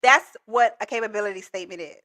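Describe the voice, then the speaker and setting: A woman's voice: mid-range voice, fast, bright, forceful tone. A woman coaching viewers in a live stream, talking in an emphatic, repetitive, colloquial way. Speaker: proposal coach.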